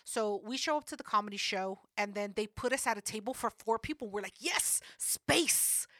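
A young woman co-hosting a podcast, telling stories loudly and brashly, with plenty of swearing. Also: mid-range voice, quick pace, dry recording, clean studio sound. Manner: loud, brash storytelling with heavy swearing. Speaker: podcast co-host. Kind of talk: casual chat.

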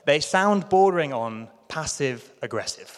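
A man's voice: fairly high pitch, lively intonation, a little slow, in a large hall. A man from London with a British accent preaching a sermon in a chatty, self-deprecating way. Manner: chatty, self-deprecating, puts on playful voices for quotes. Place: church hall.

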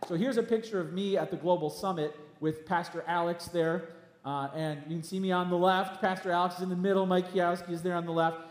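A man preaching a sermon as pastor of his church, emphatic and animated, with quick asides. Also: sits high. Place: church hall. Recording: echoey church hall.

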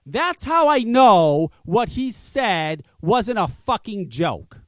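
Man, high-pitched, wildly swinging delivery, angry profane podcast rant, dry close sound. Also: very animated, slow pace, hardly any pauses, fairly bright tone, no echo. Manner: angry, profane, emphatic ranting. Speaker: podcast co-host.

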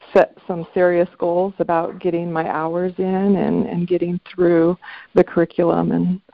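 A woman's voice: lowish voice, creaky, no room sound. A woman on a group video call, eagerly sharing her thanks. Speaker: call participant. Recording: lo-fi dry call audio.

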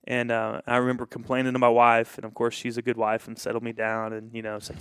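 A man's voice: mid-range voice, completely flat delivery, fast talker, hardly any pauses, a bit bright, clear, resonant tone. A man who is a pastor, telling a story in casual conversation and acting out the quoted dialogue with animation.

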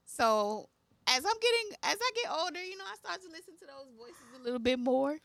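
A woman's voice: sits high, big pitch swings, a little fast, creaky, a bit bright, no room sound. A woman co-hosting a podcast in casual chat, musing through her point. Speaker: podcast co-host.

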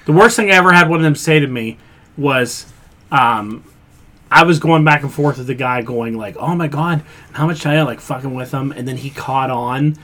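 A man's voice: mid-range voice, moderate pace. A man co-hosting a casual pop culture chat show, telling stories animatedly and acting out the voices in them. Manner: animated storyteller, acts out quotes, swears freely. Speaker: podcast co-host.

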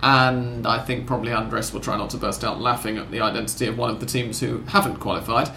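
A man's voice: mid-range voice, fairly even intonation, fast, gravelly, sharp tone, reverberant, a little hiss or hum. A man hosting a casual football podcast, talking in long rambling sentences with wry self-corrections. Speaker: podcast host.

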